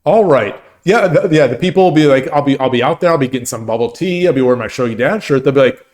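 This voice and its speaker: A man's voice: medium pitch, lively intonation, fast talker, darkish tone. A man hosting his own stream and chatting casually with viewers, rambling and laughing as he talks. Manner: rambling, full of restarts and laughter. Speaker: streamer and host.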